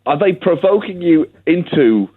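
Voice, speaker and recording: A man's voice: fairly high pitch, lively intonation, normal speed, husky. A man co-hosting a comedy podcast, cutting in with mock-serious pleas for restraint. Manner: mock-serious, pleading interruptions. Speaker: podcast co-host. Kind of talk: satirical comedy podcast banter. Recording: tinny phone-line sound.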